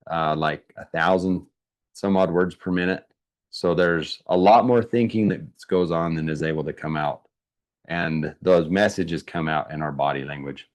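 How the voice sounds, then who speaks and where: A man presenting an online workshop, talking conversationally with many fillers and asking viewers to answer in the chat. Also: sits low. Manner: conversational, thinks aloud with fillers and restarts; asks the audience to answer in chat.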